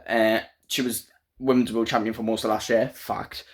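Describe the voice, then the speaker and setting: A man's voice: fairly low pitch, little pitch movement, moderate pace. A man giving a casual, opinionated spoken review of a wrestling show. He rants freely and talks with frequent fillers.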